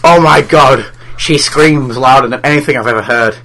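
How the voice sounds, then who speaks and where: A man's voice: medium pitch, normal speed. A man co-hosting a casual podcast chat, cutting in to steer the talk. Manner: lively, interrupts to steer the topic. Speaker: podcast co-host.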